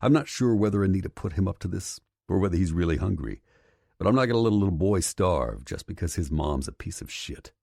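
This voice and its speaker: A man narrating a first-person audiobook in an expressive, rough-edged reading voice. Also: sits low, a little fast, no room sound, clean studio sound.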